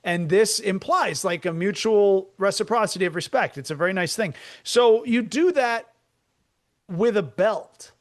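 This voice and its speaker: A male comedian co-hosting a podcast, spinning rambling, absurd comic stories with deadpan delivery. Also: high-pitched, measured pace. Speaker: comedian co-host. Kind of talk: comic storytelling chat.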